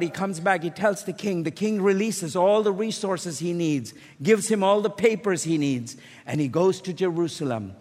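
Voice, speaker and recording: A man preaching a sermon, telling a story and rising into shouted emphasis. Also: high-pitched, normal speed, few pauses. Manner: builds to shouted emphasis, storytelling with acted quotes. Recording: long hall reverb.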